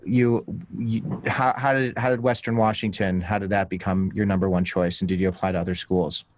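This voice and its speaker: Low-voiced male interview host. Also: fairly even intonation, brisk, slight background noise. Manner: warm questioner, restarts his questions. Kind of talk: interview conversation.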